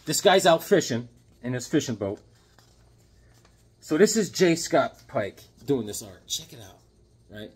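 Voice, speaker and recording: A man in his fifties chatting casually about his comic books, animated and jokey with sudden loud outbursts. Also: medium pitch, a little slow, long pauses, breathy edge. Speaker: comic book collector. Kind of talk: casual chat showing comics.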